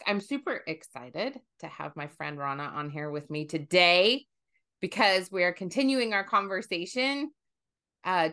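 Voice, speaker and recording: A woman hosting a conversational podcast, talking in an animated way and thinking aloud with fillers and restarts. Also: lowish voice, smooth. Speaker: podcast host.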